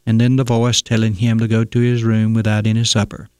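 A man hosting a radio commentary segment, telling a story in a measured, folksy way. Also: lowish voice, completely flat delivery, darkish tone, clear, resonant tone, no room sound, clean studio sound.

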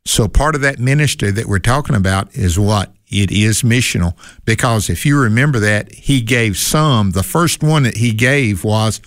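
A man's voice: lowish voice, animated, moderate pace, few pauses, dry recording, clean studio sound. A man co-hosting a Bible-teaching talk, emphatic and asking questions that he answers himself. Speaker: co-host.

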